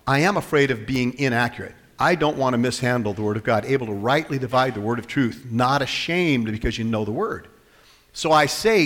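A man preaching a sermon as pastor, animated, swinging between loud and soft and acting out the quotes he tells. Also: medium pitch, brisk. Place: church hall. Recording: long hall reverb.

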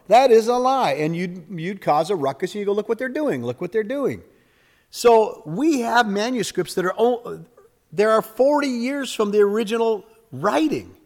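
A man in his sixties delivers a sermon in a lively, conversational manner, slipping into quoted voices and light jokes. His voice sits a touch high for a man. The sound carries the long reverb of a large hall. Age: 60s. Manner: animated, acts out quoted voices, jokes with congregation. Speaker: pastor.

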